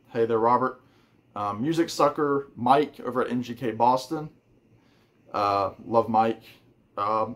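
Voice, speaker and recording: Casual YouTube host rambling shout-outs. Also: male voice, mid-range voice. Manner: friendly, rambling, many ums and uhs. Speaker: YouTube music channel host.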